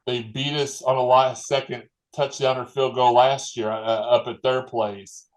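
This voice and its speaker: A man's voice: medium pitch, level tone, measured pace, rough recording. A man, a guest fan previewing football in a rambling, folksy, self-correcting way. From Louisville, Kentucky. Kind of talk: casual sports podcast chat.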